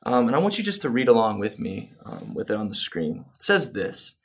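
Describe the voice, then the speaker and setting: Male pastor, mid-range voice, earnest sermon delivery with rising excitement. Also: medium pitch, a little fast, slightly rough. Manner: earnest, building excitement, fillers like "um".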